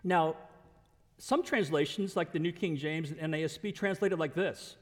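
Animated male preacher; high, lively voice in an echoey hall. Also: moderate pace. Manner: animated, acts out the scripture characters, chuckles often. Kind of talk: sermon.

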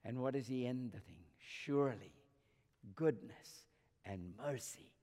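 A man's voice: medium pitch, slow, warm tone, big-room sound. A man preaching a sermon, with a repetitive, rising and falling cadence that drops at times to near whispers. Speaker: pastor.

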